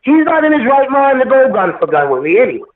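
A man tells a long story in an interview, emotional and rambling, swearing as he goes. His voice sits high. The sound is tinny like a phone line, echoey and a little far from the mic. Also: sing-song, quick pace. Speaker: guest rapper.

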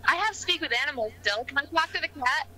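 A woman's voice: high-pitched, lively intonation, quick pace, sharp tone, slight background noise, poor audio. A woman playing a tabletop game, asking curious questions. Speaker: player.

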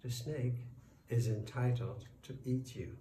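A man's voice: medium pitch, takes it slowly, warm tone, natural voice. A man voicing an old, gnarled sycamore tree that speaks wisely and solemnly in a storybook tale. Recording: roomy, distant, faint noise.

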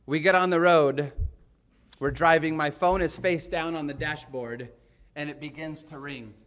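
A middle-aged man, a pastor, telling a story in a sermon, animated and swinging from hushed to excited. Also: fairly high pitch, measured pace.

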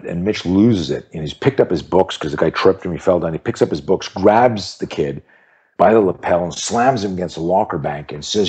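A man in his fifties with a very deep voice tells a story as a podcast guest. He is an animated, emphatic speaker who hammers his points home by repeating phrases and briefly takes on the voices of the people in his anecdotes. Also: normal speed, husky. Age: 50s. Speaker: self-defense instructor and podcast guest. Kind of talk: storytelling in an interview.

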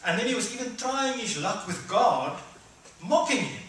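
A middle-aged man preaching a conversational sermon, acting out voices with sudden loud high bursts. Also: sing-song, moderate pace, recorded from a distance. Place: church hall. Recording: echoey hall, speaker away from mic.

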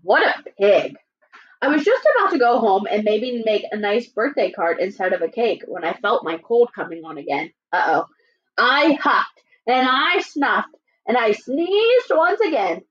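A woman teacher voicing a sly, chatty male wolf as she reads a storybook aloud in a lively, playfully indignant way. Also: fairly high pitch, unhurried, husky, heavily acted. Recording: dull lo-fi recording.

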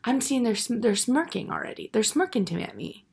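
A man's voice: very high-pitched, sing-song, fairly quick, gravelly, full character voice. A man playing a vain, self-absorbed young woman in a comedy monologue, rambling and self-pitying with garbled grammar. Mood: oblivious, aggrieved.

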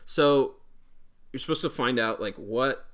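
A man running a tabletop game as dungeon master, talking haltingly with many filler words. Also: mid-range voice, fairly bright tone.

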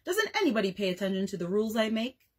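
A man's voice: sits high, big pitch swings, fast. A woman voicing a fussy, bossy father of twelve who teases and grumbles. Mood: mock-grumbling. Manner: blustery and teasing.

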